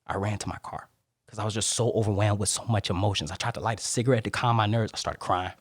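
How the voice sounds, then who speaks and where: Young male podcast guest from Detroit: low and husky, animated storyteller, dry close sound. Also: fast, no room sound. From Detroit, Michigan. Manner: animated storyteller who acts out quoted voices. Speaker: guest, Marine and motivational speaker.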